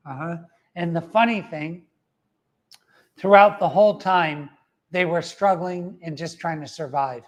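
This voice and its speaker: A middle-aged man delivers a motivational talk in a fairly high voice. He speaks emphatically, repeats key phrases for weight and punctuates his points with a quiet "uh-huh". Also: a little slow.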